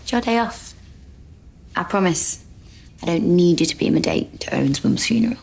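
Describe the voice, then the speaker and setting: A grumpy, down-to-earth young woman gardener from a television drama. She speaks with a Manchester accent in a dry, teasing manner. Her voice is low and a little husky. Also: lively intonation, moderate pace, a little mellow, exaggerated voice.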